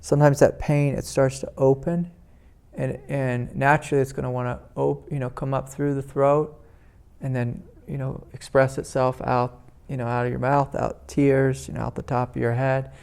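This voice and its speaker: Gravelly-voiced spiritual teacher, gentle and rambling. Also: male voice, mid-range voice, little pitch movement, normal speed. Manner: gentle, rambling, many fillers. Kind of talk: talk at a meditation retreat. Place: indoor retreat meeting room.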